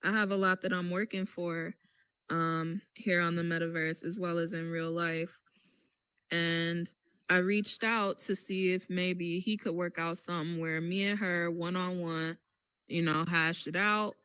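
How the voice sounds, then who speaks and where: A woman hosts a casual podcast chat and tells her story slowly, with a bright, clear, smooth voice. She stresses her points with animation. The sound is dry and close. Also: fairly low pitch, fairly even intonation, no room sound. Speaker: podcast host.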